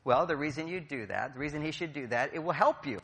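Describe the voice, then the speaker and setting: A man's voice: a little high, fast talker, a bit bright. A middle-aged man giving a playful, jokey talk to a live audience, acting out quotes as he goes. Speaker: speaker at a conference. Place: large hall. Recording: long hall reverb.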